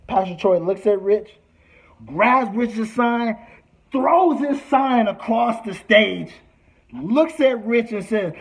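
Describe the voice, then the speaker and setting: A man with a fairly high voice tells a story from his own life. He is lively, acting out the people he quotes with sudden shouts and hushed asides. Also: takes it slowly. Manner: acts out quotes, shouting and whispering. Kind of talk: animated storytelling.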